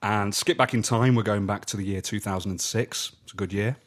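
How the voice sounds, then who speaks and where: A man's voice: on the low side, fairly even intonation, fairly quick. A man hosting a film podcast in an upbeat, jokey way. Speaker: podcast host. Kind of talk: casual podcast chat.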